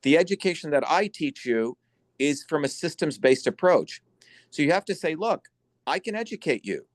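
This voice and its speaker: A man hosting an online symposium, lecturing forcefully and bluntly over a video call, swearing for emphasis. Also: fairly high pitch, sing-song, normal speed, no echo. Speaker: symposium host and educator.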